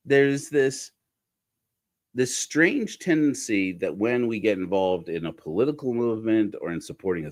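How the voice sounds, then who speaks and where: A middle-aged man hosting a godless sermon, talking in a rambling, self-correcting way with wry asides. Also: medium pitch. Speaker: podcast host. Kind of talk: casual sermon-style commentary.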